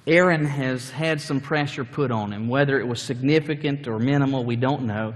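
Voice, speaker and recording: A man preaching a sermon, telling the story with lively acted-out scenes. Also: mid-range voice, moderate pace, few pauses, long reverb tail. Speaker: pastor.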